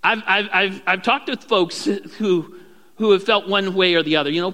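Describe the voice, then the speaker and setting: A male pastor preaching a sermon, acting out prayers in a raised, animated voice. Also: sits high, moderate pace, big-room sound.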